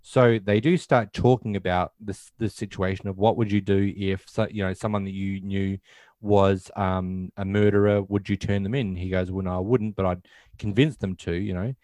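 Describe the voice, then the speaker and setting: Male co-host, low register, casual rambling recap, dry close sound. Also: level tone, normal speed, darkish tone, no echo. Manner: rambling, acts out quotes in passing. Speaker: podcast host. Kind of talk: casual film recap chat.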